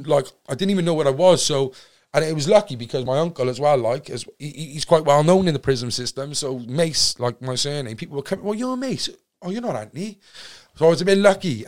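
A man from Cardiff with a Welsh accent, a podcast guest telling a long story in an animated, rambling way with lots of fillers, restarts and swearing. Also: a little high, fairly quick. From Wales. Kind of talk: casual storytelling in a podcast interview.

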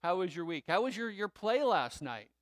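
A man chats casually in front of a church congregation and runs through the announcements. He has a smooth, clean voice that sits a little high for a man, recorded dry and close. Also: moderate pace, no echo. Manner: relaxed, chatty, laughs easily, trails off. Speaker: church leader giving announcements.

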